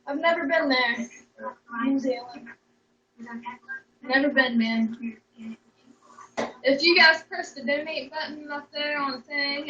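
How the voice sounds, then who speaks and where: A woman's voice: sits high, a bit bright. A young woman chatting casually on a livestream, rambling, joking and swearing freely. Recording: echoey room, distant mic, dull sound.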